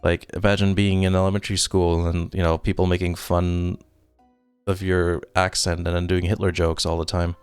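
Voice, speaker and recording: A man's voice: sits low, little pitch movement, normal speed, smooth, no room sound, soft background music. A man from Germany, a native German speaker, chatting casually on a live stream, reading viewer comments aloud and rambling self-deprecatingly with frequent chuckles. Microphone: desk microphone.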